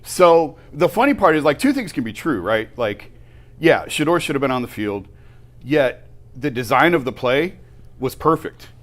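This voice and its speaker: A man's voice: mid-range voice, sing-song, normal speed. A man co-hosting a sports talk show, arguing back and explaining his reasoning point by point. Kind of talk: sports debate.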